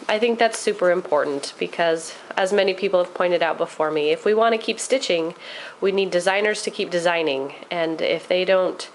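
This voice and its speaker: A woman's voice: fairly low pitch, low-quality recording. Chatty woman with faint room hum. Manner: chatty, rambling, frequent ums. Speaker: craft vlogger. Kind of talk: casual show-and-tell.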